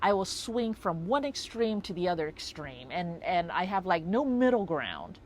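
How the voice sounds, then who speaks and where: A woman's voice: on the low side, big pitch swings, moderate pace, a little hiss or hum. A woman talking through a personal story in a casual vlog, reflective and rambling with lots of fillers. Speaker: vlogger.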